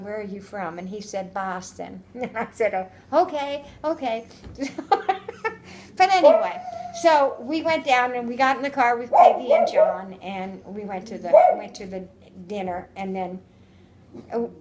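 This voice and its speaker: A woman's voice: mid-range voice, noisy background. Older woman, oral history interviewee, rambling storyteller, laughs often. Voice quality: laughs often while telling stories. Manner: chatty, rambling with restarts and quoted dialogue.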